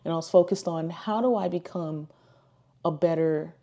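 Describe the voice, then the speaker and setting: A woman's voice: fairly low pitch, moderate pace, warm tone. Chatty woman telling her testimony. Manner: chatty, full of "like" and "you know", acts out quoted dialogue. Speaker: ministry speaker. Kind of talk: casual personal testimony.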